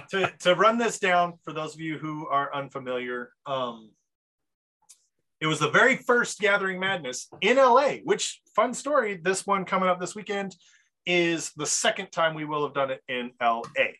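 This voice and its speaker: Bright tense-voiced guy hosting a podcast, hyped up, lots of ums. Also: fairly high pitch, animated, moderate pace. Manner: upbeat, hype-style, with frequent fillers. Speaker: podcast host. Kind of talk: casual podcast chat.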